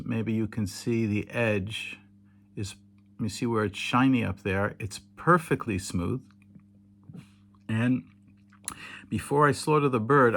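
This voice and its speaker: Man, lowish voice, tired, patient teacher, lots of ums and self-corrections. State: tired, yawning. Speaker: teacher demonstrating kosher slaughter. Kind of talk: tired late-night instructional video. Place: home indoors in Israel, at night.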